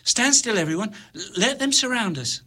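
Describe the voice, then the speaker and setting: A man's voice: high voice, lively intonation, moderate pace, bright, forceful tone, pitched above the performer's own voice, heavily acted. A man voicing a young boy who stammers urgent commands and pleas. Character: young boy straining to control beasts.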